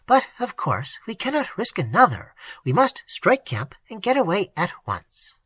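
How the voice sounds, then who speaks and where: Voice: mid-range voice, very animated, moderate pace, a bit bright, breathy edge, no room sound, voice pushed up. A narrator doing a preachy male clergyman. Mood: earnest. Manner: preachy pulpit delivery. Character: emotional middle-aged male clergyman.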